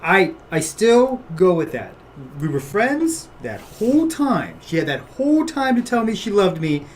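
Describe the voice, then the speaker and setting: A man's voice: high voice, very animated, unhurried. A man in casual gaming podcast chat, speaking bluntly and emphatically with slang.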